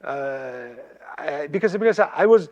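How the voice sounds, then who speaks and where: A man's voice: on the high side, expressive, darkish tone, highs cut off. Man, from France, professor lecturing, hesitant restarts, long hall reverb. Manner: halting, many fillers and restarts, self-deprecating humour. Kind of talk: public lecture.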